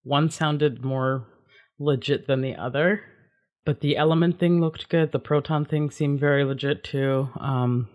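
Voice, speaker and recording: A man's voice: fairly high pitch, fairly even intonation, unhurried, darkish tone. A man playing a word game on a podcast, teasing the host and thinking aloud. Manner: teasing, laughs often. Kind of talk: casual game-show banter.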